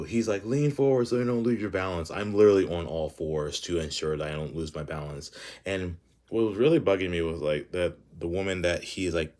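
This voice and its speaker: A young man with a very low voice tells a story at a casual pace. He talks in an animated, rambling way, packed with fillers and frequent swearing. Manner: animated, filler-heavy, profane ranting.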